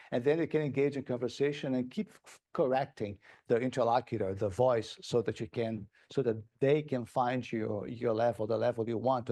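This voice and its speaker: A man's voice: medium pitch, darkish tone. A man giving a plenary conference presentation, speaking in an enthusiastic, conversational way with many restarts.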